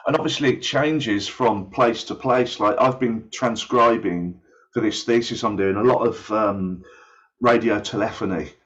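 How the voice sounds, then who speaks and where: A man's voice: on the low side, a little slow, a bit bright, lo-fi sound. A man on an online panel who talks about aviation radio research in loose, rambling sentences.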